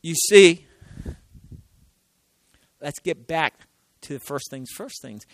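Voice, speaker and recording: Animated high-voiced preacher, man. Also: takes it slowly, no echo, rough recording. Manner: animated, swings from loud exclaiming to hushed near-whispers; acts out quoted voices, laughs between lines. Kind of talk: sermon.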